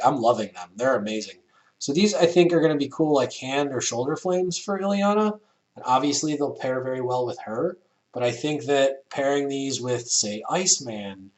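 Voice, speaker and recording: A man casually reviewing an action figure, relaxed and rambling, with many fillers. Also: mid-range voice.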